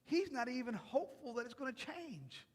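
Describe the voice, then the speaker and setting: A man preaching a sermon in a church, acting out imagined voices and rising into loud, emphatic passages. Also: very high voice, big pitch swings, normal speed. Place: church sanctuary. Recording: long hall reverb.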